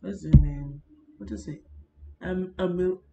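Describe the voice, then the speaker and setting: A woman's voice: lowish voice, unhurried, gravelly, muffled recording, faint music behind. Chatty woman on an echoey laptop mic. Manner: rambling, animated, talks to viewers as y'all. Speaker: gaming YouTuber. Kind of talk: casual chatty vlog narration. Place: home room near a busy street. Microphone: built-in computer mic.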